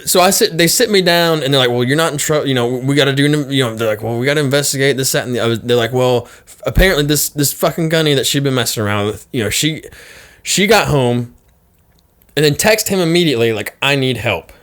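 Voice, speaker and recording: A man tells a story as a guest on a podcast, in a voice of ordinary middle pitch. His talk is profane and loose, full of fillers, restarts and "you know"s. When he quotes what he shouted, his voice leaps high. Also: fast talker. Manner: profane, rambling retelling with many fillers and restarts; pitch jumps high when quoting himself in anger. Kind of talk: casual storytelling chat.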